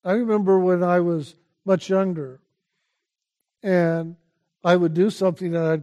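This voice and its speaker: An elderly teacher, high-pitched and calm, gives a slow-paced spiritual talk. His repeated message is for listeners to pay attention.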